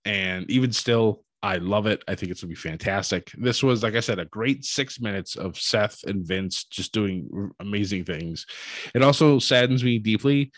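A man recapping a wrestling show in a casual, animated storytelling way, acting out what people said. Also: fairly low pitch, moderate pace, dry recording. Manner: animated storytelling, acts out quotes.

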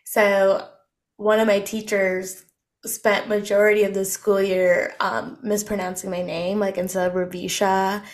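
A woman's voice: medium pitch, little pitch movement, measured pace. A young woman from the United States co-hosting a podcast, chatting casually with lots of filler words. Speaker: podcast co-host. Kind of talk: casual chat.

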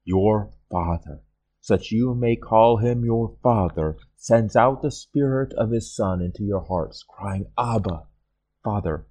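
A man's voice: lowish voice, a little slow, darkish tone. A man reading aloud an old sermon in an earnest style, with rising and falling emphasis. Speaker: reader of a historic sermon.

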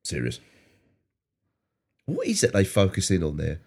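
British man, podcast co-host, wry chuckling commentary, lively swinging pitch. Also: unhurried, slightly rough. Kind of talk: casual chat while watching an episode.

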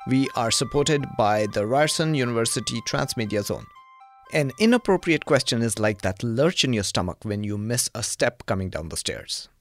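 A man co-hosting a podcast, asking questions and reading credits in a plain, even tone. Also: mid-range voice, moderate pace, dry recording, faint music behind. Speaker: podcast co-host. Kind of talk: casual podcast chat and outro.

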